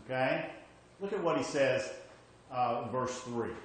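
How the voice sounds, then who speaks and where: Here a man preaches slowly in a medium-pitched voice, pressing his points emphatically, going over them again and asking "okay?" now and then. Faint ambience fills a very echoey hall.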